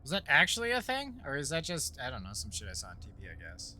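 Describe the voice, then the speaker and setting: A man casually commenting while playing a horror game, rambling and joking as he thinks out loud. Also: mid-range voice, very animated, brisk, few pauses, a little hiss or hum. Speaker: let's play streamer.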